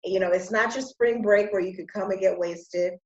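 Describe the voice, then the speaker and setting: A woman's voice: medium pitch, steady tone, normal speed, darkish tone, reverberant, dull audio. A woman hosting a conversational interview, chatting, affirming and explaining. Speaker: host.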